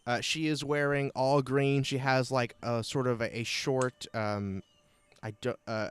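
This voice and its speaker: A man's voice: medium pitch, clean tone, dry recording. A man narrating a tabletop game as game master, rambling with fillers and restarts.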